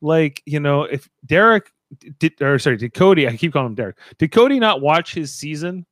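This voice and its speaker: A man's voice: a little high, lively intonation, brisk, fairly bright tone, no room sound. A man in casual podcast chat, rambling through his opinions with many fillers. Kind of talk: casual reality TV recap chat.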